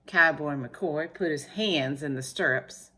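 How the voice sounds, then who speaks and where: A woman with a low, deep voice reads a picture book aloud to a child. She reads with lively expression, warm pacing and plenty of colour. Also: measured pace, breathy edge. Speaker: storyteller.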